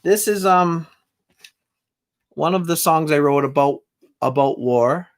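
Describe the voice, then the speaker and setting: A man's voice: fairly high pitch, slow. A man hosting a live stream as a singer-songwriter, chatting casually and jokingly between songs and reading viewer comments aloud.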